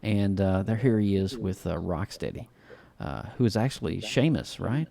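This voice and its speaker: A man's voice: deep voice, moderate pace, creaky, crowd noise. A man co-hosting a podcast, chatting casually about a film, loose and full of fillers. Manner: relaxed, filler-heavy, says "man" often. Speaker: podcast co-host. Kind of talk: casual review chat.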